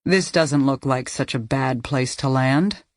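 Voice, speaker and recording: A woman reading the lines of a calm, probing woman police detective in an audiobook, speaking in an even, unruffled way. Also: rumbling low, a little slow, dry recording, clean studio sound.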